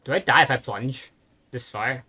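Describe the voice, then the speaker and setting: A game streamer giving casual let's-play commentary, thinking aloud and pausing often with fillers. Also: mid-range voice, bright, forceful tone, slightly rough.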